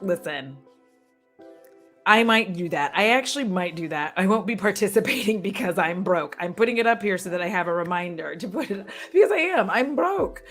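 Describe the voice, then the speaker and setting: A woman's voice: medium pitch, expressive, moderate pace, fairly bright tone, faint music behind. A woman beauty creator chatting casually and frankly to her viewers, swearing and laughing often. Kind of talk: casual livestream chat.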